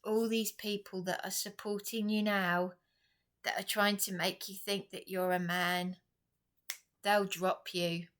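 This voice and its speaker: A woman's voice: medium pitch, level tone, measured pace, a bit bright, smooth. An upset English woman speaking straight to camera in a rambling, impassioned personal vlog. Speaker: vlogger.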